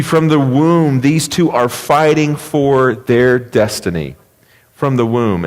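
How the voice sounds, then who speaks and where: Brief: male pastor, mid-pitched, lively storytelling sermon, long church reverb. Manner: storytelling, emphatic, conversational. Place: church sanctuary.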